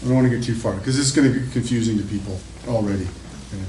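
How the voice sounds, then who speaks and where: A male university lecturer telling stories in an animated, chatty classroom lecture. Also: fairly low pitch, racing. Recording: echoey classroom with faint noise.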